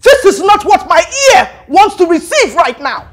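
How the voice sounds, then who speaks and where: Domineering rich mother, Nigerian accent, high voice, wild swings in pitch, scornful. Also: huge pitch swings, measured pace, breathy edge, faint music behind, exaggerated voice. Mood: threatening. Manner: scornful, commanding, shouting at times. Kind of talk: film drama acting.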